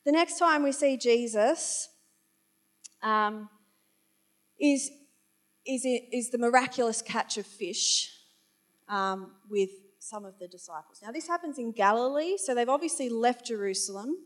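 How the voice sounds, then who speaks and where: A woman with a fairly high, lively voice speaks a little slowly, delivering a chatty, informal sermon full of wry asides. Now and then she loses her place and corrects herself out loud.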